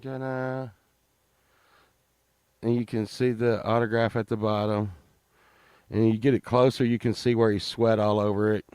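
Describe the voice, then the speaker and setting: A man in his fifties tells a story on a stream, rambling, swearing and tripping over restarts. His voice sits low and smooth. The close mic gives a dry sound with no room. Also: level tone, normal speed, pauses often, a little mellow, dry recording. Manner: rambling, profane, full of fillers and restarts.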